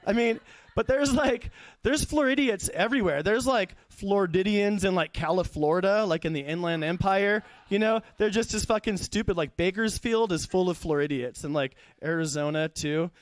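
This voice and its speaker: A man's voice: high voice, normal speed, dry recording. A young man performing a stand-up comedy set at a live show, rambling, profane and losing his thread.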